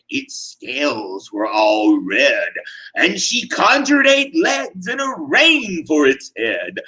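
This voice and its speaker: A man's voice: a little high, sharp tone, rough recording. A man giving a dramatic reading of a rhyming tale with a theatrical, sing-song delivery. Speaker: reader.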